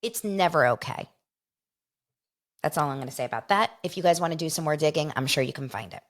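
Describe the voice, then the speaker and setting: A woman's voice: deep voice, expressive, fast. Gossipy woman host, chatty and laughing. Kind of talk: casual chat commentary.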